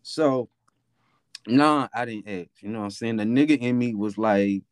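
A man's voice: medium pitch, normal speed, no room sound, studio quality. A young man with a Memphis accent, casually telling a profane, rambling story as a podcast host. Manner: laid-back, profane, rambling with fillers.

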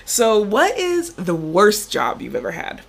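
A woman's voice: medium pitch, unhurried, vocal fry, breathy edge. A young woman co-hosting a podcast in casual chat, telling stories and acting out voices. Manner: animated storyteller, acts out quoted voices. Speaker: podcast co-host.

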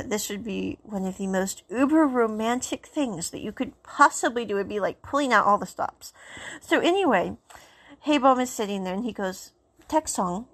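A woman's voice: medium pitch, gravelly. A woman casually recapping and reviewing a drama, rambling and circling back with "so anyway". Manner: rambling, keeps saying "so anyway".

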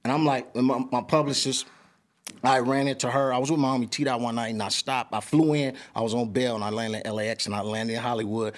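A man's voice: mid-range voice, fairly even intonation, fast. A man telling a story in an interview, full of street slang and acting out what everyone said. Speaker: interview guest. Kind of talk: animated storytelling.

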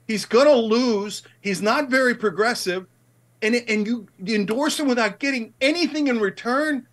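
A man's voice: very high-pitched, moderate pace, a bit bright. A middle-aged man in a heated political debate, emphatic and passionate, rising to indignant outbursts. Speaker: guest commentator.

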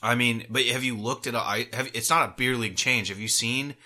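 Bright-toned, laid-back male podcast co-host. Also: mid-range voice, steady tone, a little fast. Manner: laid-back, laughs often, blunt swearing. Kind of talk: casual chat.

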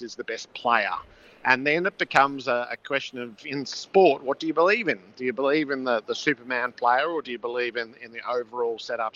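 Here an NFL play-by-play man chats by phone from his stadium position, telling the story of the build-up in colorful detail. He has a sharp, medium-pitched voice, captured with lo-fi sound.

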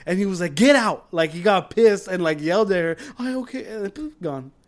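Animated man telling stories. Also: sits high, fairly quick. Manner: animated storyteller, acts out quoted voices. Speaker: podcast co-host. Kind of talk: casual chat.

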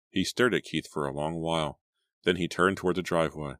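A man with a very low voice reads a teen thriller audiobook, keeping his pacing steady and dramatic while moving fairly quickly. The recording is dry and close, with no room sound or echo.

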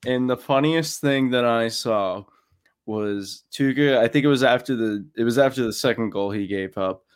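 A young man chats about sports in a loose, profane way. His voice sits at an ordinary middle pitch, and he breaks into laughter mid-story. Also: normal speed, clear, resonant tone. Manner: swears freely, laughs while telling stories. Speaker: podcast co-host. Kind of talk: casual sports chat.

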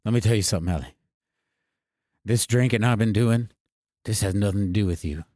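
Man playing a drunk country singer, mumbling, hesitant, low soft drawl, dry close sound. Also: brisk, no echo, lightly acted. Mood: tender. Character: boozy brooding male country singer, sheepish. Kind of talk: improvised comedy scene.

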